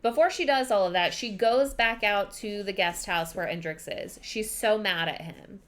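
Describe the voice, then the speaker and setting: A woman's voice: medium pitch, moderate pace, a bit bright. A young woman hosting a book podcast, giving a chatty, rambling recap full of fillers. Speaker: podcast host.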